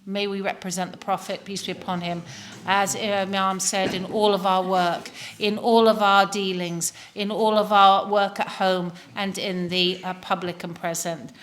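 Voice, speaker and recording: A woman's voice: medium pitch, level tone, moderate pace, fairly bright tone, slight background noise. Woman from London telling a story. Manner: conversational storytelling with quoted voices. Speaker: event chair. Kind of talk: closing remarks and anecdote.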